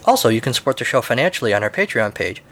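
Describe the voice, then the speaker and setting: A man's voice: medium pitch, sing-song, racing, a bit bright. A male podcast host reads a comic story with dry, offhand humor. His delivery is casual and wry.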